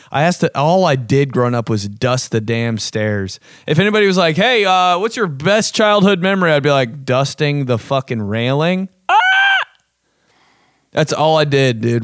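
A man's voice: medium pitch, no room sound, clean studio sound. Rambling, profane man joking around. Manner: rambling, profane, joking, fond of bro and dude. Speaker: vlog host. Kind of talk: casual comedic rant.

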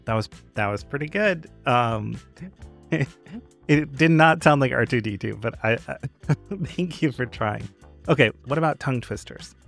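Gravelly-voiced casual man host. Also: mid-range voice, a little slow, faint music behind. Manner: relaxed, hesitant, with restarts and laughs. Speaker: podcast host. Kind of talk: casual podcast chat.

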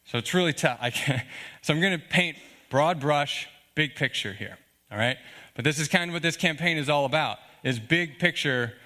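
A man's voice: medium pitch, sharp tone. A man preaching a sermon in an earnest, conversational way, often checking in with the congregation with asides like "okay?" and "all right?". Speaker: pastor.

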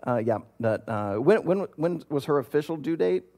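A man's voice: a little high, expressive, normal speed, mellow. A man in his thirties, a pastor, preaching a conversational sermon and telling a story with plenty of fillers and restarts.

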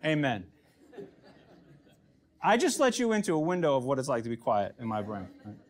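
A man preaching a sermon as pastor, conversational and self-deprecating, often dropping to a hush for emphasis. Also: medium pitch, huge pitch swings, fast.

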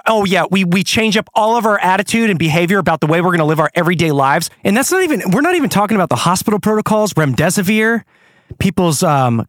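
A man's voice: high-pitched, dry recording, studio quality. A man hosting his own show, ranting angrily with plenty of swearing. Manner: angry, profane, animated. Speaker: podcast host. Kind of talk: ranting monologue.

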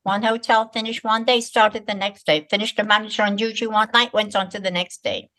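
80-something woman from liverpool, guest on a chat, brisk lively storyteller, middle pitched voice. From Liverpool, England. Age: 80s. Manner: lively, brisk storyteller who acts out other people's lines. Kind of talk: conversational storytelling.

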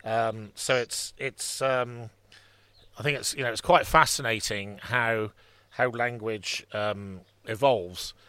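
A man's voice: medium pitch, fairly even intonation, slow, sharp tone, smooth, dry recording. A man co-hosting a history podcast, chatting casually and rambling with many restarts and fillers. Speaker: podcast co-host.

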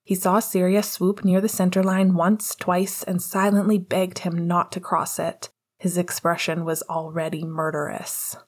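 A woman narrating an audiobook chapter in a steady storytelling manner. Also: on the low side, a little slow.

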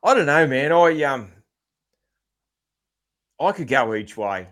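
A man's voice: mid-range voice, sing-song, slow pace, fairly bright tone. A man with an Australian accent hosting a casual podcast chat, rambling with lots of ums and freely swearing. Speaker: podcast host.

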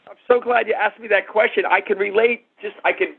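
Man in his sixties, husky, lively storyteller, phone-quality sound. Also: high voice, fairly quick. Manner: animated storyteller, acts out quotes. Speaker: guest, art and antique dealer. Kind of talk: storytelling interview answers. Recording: tinny phone-line audio.

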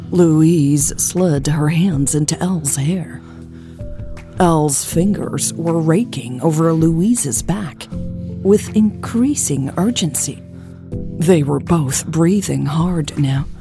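A woman narrating a romance audiobook in a hushed, half-whispered, intimate voice. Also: deep voice.

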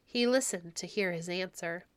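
Smooth-voiced woman reading stories aloud. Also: fairly low pitch, moderate pace, no echo. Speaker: storytelling podcast host. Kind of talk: storybook read-aloud narration.

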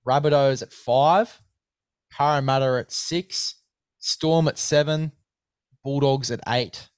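Man, casual sports podcast host, matey and upbeat, medium pitch, dry close mic. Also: dry recording. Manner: matey, upbeat, says mate constantly. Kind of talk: casual sports chat with ad read.

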